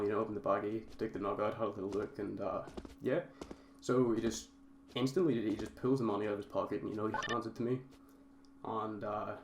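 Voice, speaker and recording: A young man casually telling a story to his viewers, rambling and often calling them guys. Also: on the low side. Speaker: vlogger. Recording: roomy echo, faint background noise.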